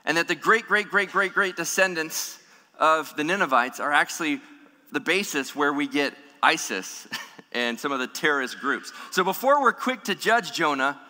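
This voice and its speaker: Guy preaching in a church hall, acts out voices in the story, lots of echo. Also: on the high side. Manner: animated preaching, acting out voices of people in the story. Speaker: pastor. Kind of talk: sermon. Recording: long hall reverb.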